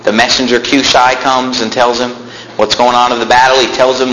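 A man's voice: medium pitch, flat delivery, fairly quick, pushed and bright, slight background noise. A young man preaching a sermon, reading scripture aloud and explaining it in plain talk, building to fervent emphasis. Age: young adult. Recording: echoey room with faint ambience.

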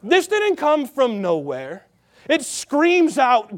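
A man from the Salt Lake Valley preaching a sermon, stressing his points by slowing down and repeating phrases. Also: very high-pitched, very animated. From Salt Lake Valley, Utah. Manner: emphatic preaching with slow, drawn-out repeated phrases.

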